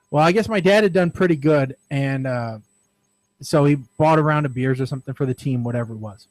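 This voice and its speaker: A man's voice: medium pitch, fairly quick, darkish tone, dry recording, low-quality recording. Rambling man, dry close mic. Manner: rambling, self-deprecating, frequent "all right". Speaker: podcast co-host. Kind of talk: casual radio show storytelling.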